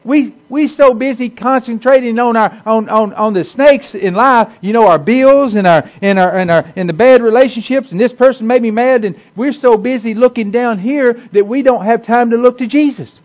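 A man's voice: very high-pitched, moderate pace, hardly any pauses, dull audio. A man preaching a sermon to a congregation in a folksy, conversational way, repeating himself and restarting often. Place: church hall with a congregation.

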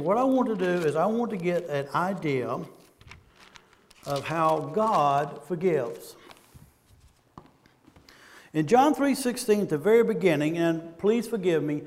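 A man with a Southern American accent preaches in a casual, questioning way, pulling the congregation in as he goes. His voice sits high for a man. It carries with a long reverb through a church hall. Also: expressive, unhurried, pauses often. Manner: conversational, asks the congregation questions. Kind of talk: sermon.

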